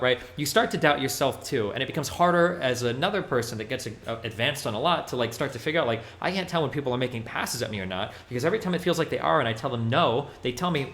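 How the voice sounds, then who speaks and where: A male streamer gives casual livestream commentary, blunt and profane, rambling with many fillers. His voice is medium-pitched with a fairly bright tone.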